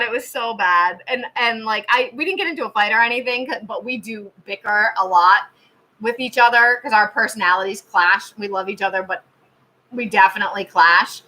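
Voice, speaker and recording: A woman's voice: a little high, normal speed, bright, forceful tone, rough recording. A woman in her thirties, a tarot channel host, chatting casually on a live stream and telling stories with lots of fillers. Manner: chatty storytelling with many fillers and laughs.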